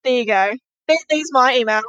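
Bubbly high-voiced woman guest. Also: brisk, no room sound, highs cut off. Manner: bubbly, excitable, gushing. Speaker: podcast guest. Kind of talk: casual interview chat.

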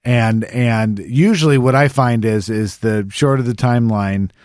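A man chatting on a podcast in a loose, casual way, swearing freely and restarting his sentences. His voice sits at a middle pitch, and the recording is dry with no room sound. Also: measured pace, a little mellow, dry recording. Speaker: podcast co-host. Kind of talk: casual chat.

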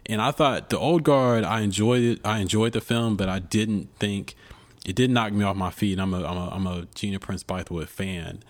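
A man's voice: fairly low pitch, fairly even intonation, moderate pace. A man co-hosting a casual podcast, giving opinions about films with lots of "you know". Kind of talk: casual film-industry chat.

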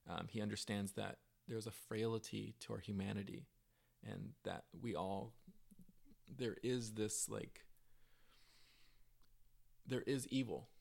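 A man's voice: lowish voice, creaky. A man co-hosting a podcast, talking in an earnest, rambling way with many fillers. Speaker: podcast co-host. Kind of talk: casual chat.

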